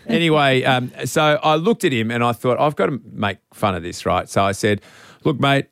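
A middle-aged man with an Australian accent, telling a sentimental story in a rambling, halting way on radio, with many restarts. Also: mid-range voice, a bit bright, dry recording, clean studio sound. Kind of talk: casual storytelling on air.

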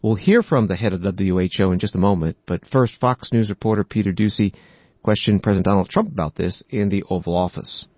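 A man hosting a news program, reading out reports and quoting articles in a measured way. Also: lowish voice, darkish tone, dry recording, dull audio. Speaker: news host.

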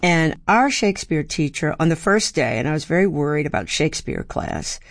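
A woman's voice: low voice, expressive, a little fast, no room sound. This is a woman in her seventies from Baltimore, a seasoned actor and playwright, reflecting on her craft in an interview. She talks thoughtfully and slips into the voices of people she has met. The sound is close and dry. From Baltimore, USA. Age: 70s. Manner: thoughtful, acts out quoted voices and rhythms.

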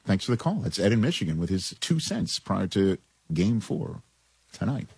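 A man hosting a sports radio talk show, taking calls and pushing back in a conversational way with quick restarts. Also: on the low side, sing-song, vocal fry, husky, no room sound.

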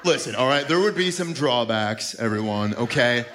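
A man's voice: mid-range voice, animated, moderate pace, crowd noise. A man doing a crude stand-up comedy set on a club stage, brash and prone to sudden yelps, on a handheld mic. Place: comedy club stage before a live audience. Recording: live club recording with noisy room.

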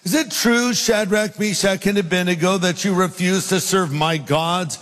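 A man's voice: sits high, normal speed, a bit bright, long reverb tail. A man voicing a proud, commanding ancient king who gives his orders with emphatic lift. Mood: demanding.

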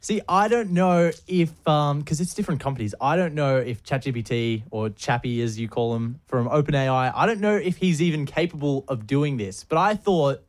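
A man's voice: fairly high pitch, normal speed, hardly any pauses. A man co-hosting a radio show, chatting casually with frequent restarts. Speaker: radio co-host.

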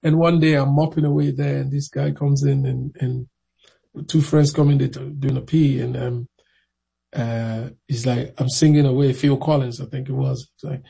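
A man telling his story in a casual, animated way, acting out the voices of people he met. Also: mid-range voice, normal speed, creaky, husky, rough recording. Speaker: interviewee.

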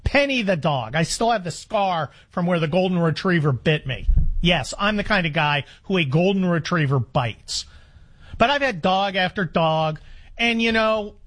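A man's voice: high voice, expressive, a little slow, fairly bright tone. A man in his sixties hosting a talk radio show, speaking in a wry, rambling monologue full of restarts. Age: 60s.

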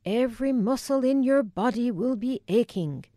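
A woman voicing a brisk, matronly older Scottish nurse with a thick accent, fussing and grave. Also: fairly high pitch, warm tone, no echo, studio quality, pitched above the performer's own voice, lightly acted. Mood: soothing.

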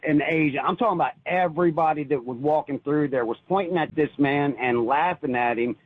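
A man calling in to a radio show and telling a personal story in an earnest, halting way, with many restarts. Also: on the high side, slightly rough, no echo. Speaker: caller. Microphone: phone. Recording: tinny phone line.

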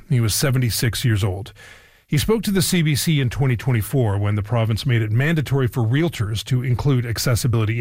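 A man reading a scripted radio news story in a measured, even way. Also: medium pitch, dry recording, clean studio sound. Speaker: news host.

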